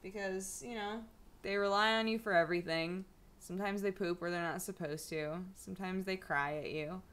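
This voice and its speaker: A woman's voice: medium pitch, fairly even intonation, normal speed, a bit bright. A young adult woman chatting casually at home in a rambling vlog, full of fillers. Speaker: vlogger. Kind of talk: casual chat.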